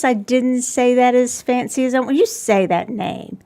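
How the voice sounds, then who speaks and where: A woman hosting a live talk show, speaking with a fairly high voice. She talks in a chatty, gushing way, full of enthusiasm. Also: normal speed, few pauses, mellow. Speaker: podcast host. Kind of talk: casual live-show chat. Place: store in Carrollton.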